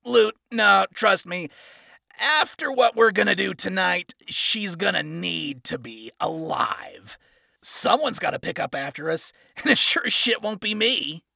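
A man voicing a cruel, gleeful male angel commander who mocks and shouts his orders loud. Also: high-pitched, expressive, measured pace, gravelly, dry recording, clean studio sound, voice pushed up, exaggerated voice. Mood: gloating.

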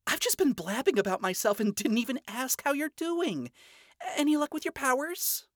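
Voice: high voice, expressive, normal speed, dry recording, studio quality, pitched above the performer's own voice. A narrator voicing a cheerful, earnest young demon princess who talks in an upbeat, encouraging way, in a storybook reading.

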